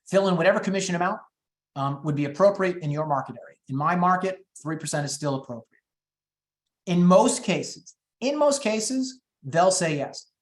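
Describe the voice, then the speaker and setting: A man coaching real estate agents on phone scripts, talking fast and upbeat and acting out the calls. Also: lively intonation, echoey room. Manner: high-energy, quick, acts out phone calls. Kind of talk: teaching sales scripts in a webinar.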